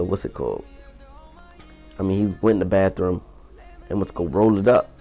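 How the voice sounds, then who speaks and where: Deep-voiced young man telling a rambling story. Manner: rambling, profane, animated retelling. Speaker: vlogger. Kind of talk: casual storytelling.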